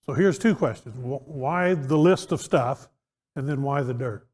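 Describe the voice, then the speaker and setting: A man's voice: medium pitch, unhurried, a little mellow. A man teaching an interactive Bible class in a conversational way, asking his listeners questions and often restarting his sentences. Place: church auditorium. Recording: echoey church hall.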